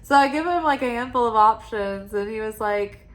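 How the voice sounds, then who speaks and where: A woman's voice: a little high, moderate pace. A woman reading oracle cards in a casual vlog, talking in a rambling, confiding way with lots of "like" fillers. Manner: soft and quiet at times, with sighs and laughs. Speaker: oracle card reader.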